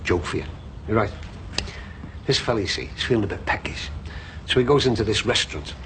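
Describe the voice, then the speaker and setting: An actor playing a chatty middle-aged shopkeeper who fancies himself a comic, rambling through jokes with many fillers in a TV soap drama. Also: male voice, fairly low pitch, lively intonation, brisk, a bit bright, slight background noise.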